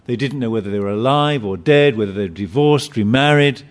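A man's voice: medium pitch, brisk. A man preaching a sermon, emphatic, often repeating and restarting his phrases.

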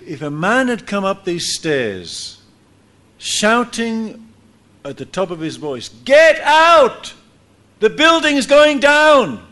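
A man preaching a sermon in church, telling a story lively and acting out what people said. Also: fairly high pitch. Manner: animated storytelling, acts out quotes with laughs.

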